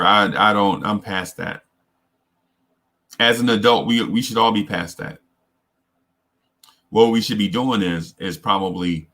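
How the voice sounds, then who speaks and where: A man hosting a casual advice talk, speaking earnestly in halting phrases with many restarts and repeated words. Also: lowish voice, vocal fry, bright, forceful tone. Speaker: host.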